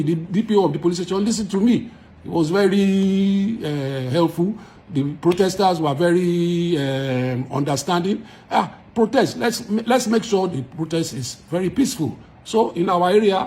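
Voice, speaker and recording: Emphatic Nigerian man, slightly high voice. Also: darkish tone. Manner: emphatic, argumentative, repeats points for force. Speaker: musician. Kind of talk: direct-to-camera address to followers.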